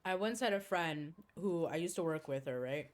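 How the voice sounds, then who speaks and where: A woman's voice: low voice, normal speed. A woman streaming a game, casually telling a long story with lots of swearing and laughter. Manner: animated, swears freely, laughs while telling. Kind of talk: casual storytelling during a livestream.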